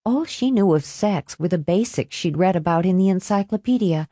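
A woman narrates a novel for an audiobook, reading her script in a measured, even storytelling style. Her voice is lowish, and the recording is dry with clean studio sound.

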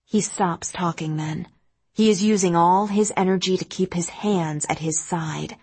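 A woman's voice: lowish voice, expressive, measured pace, husky. A woman narrating a first-person audiobook in a cold, cutting, controlled manner, close to the mic.

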